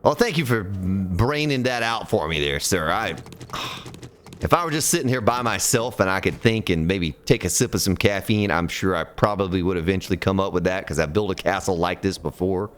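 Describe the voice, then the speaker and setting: A man's voice: deep voice, moderate pace, a little hiss or hum. A man streaming a building game, counting blocks aloud, chatting with viewers and grumbling at the game as he plays. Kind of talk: casual live-stream gameplay commentary.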